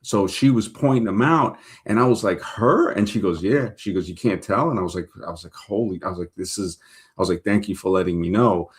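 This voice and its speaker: Male host, New York accent, deep voice, casual rambling livestream storyteller. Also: brisk, slightly rough. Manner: rambling, animated anecdotes with many fillers. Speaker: show host reading viewer comments.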